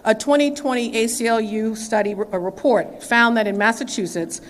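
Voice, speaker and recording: A woman's voice: on the high side, normal speed. Woman attorney general giving a formal speech, faint room noise, long hall echo. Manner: earnest, emphatic, with some repeats. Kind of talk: formal press conference speech.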